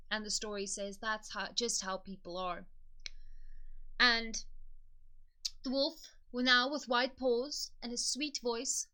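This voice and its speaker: A woman's voice: on the high side, bright, forceful tone. A woman hosting a book video, retelling a fairy tale in a chatty, conversational way. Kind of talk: casual storytelling retelling.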